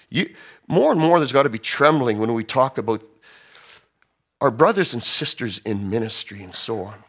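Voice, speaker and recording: A man preaching a sermon, animated, swinging from loud emphasis to hushed tones as he acts out quotes. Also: mid-range voice, moderate pace, slightly rough. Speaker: pastor.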